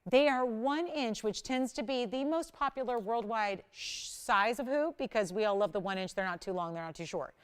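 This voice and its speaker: A woman's voice: fairly high pitch, normal speed, few pauses, clear, resonant tone. Enthusiastic woman hosting a live jewelry sale. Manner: enthusiastic, persuasive, urgent selling. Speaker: TV shopping host. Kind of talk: live home shopping sales pitch. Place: TV studio.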